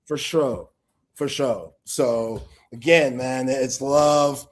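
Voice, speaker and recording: This man speaks extremely slowly in a mid-range voice while hosting a casual sports talk livestream. He's heartfelt and rambling, his speech loaded with street slang.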